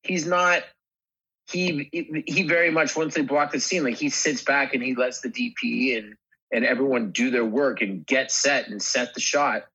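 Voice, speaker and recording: A man's voice: medium pitch, steady tone, normal speed, pushed and bright, husky. A man, a guest actor in a casual podcast chat, talking through his work in a hesitant way with many restarted phrases. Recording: slightly muffled, dull sound.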